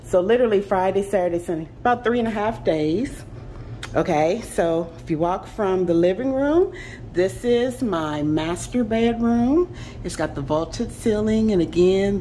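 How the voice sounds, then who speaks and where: A young adult woman talks straight to her viewers as she walks through her apartment. She is chatty and enthusiastic, and her voice sounds mellow and warm, recorded on a handheld camera indoors. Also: mid-range voice, slight background noise. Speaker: vlogger. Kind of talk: casual apartment tour vlog. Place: indoors in an apartment, walking room to room.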